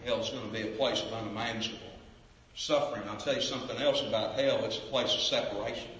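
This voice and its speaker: A man preaching an impassioned sermon, swinging between booming cries and hushed pleading in a repetitive preaching cadence. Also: steady tone, quick pace, slight background noise. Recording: echoey hall from far off.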